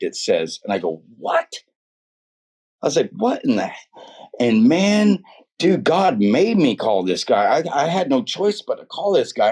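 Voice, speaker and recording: A man's voice: medium pitch, a little mellow, slightly rough. A middle-aged man telling his own life story in casual, earnest, rambling speech, full of "dude" and "man". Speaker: guest telling his testimony. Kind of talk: casual personal testimony.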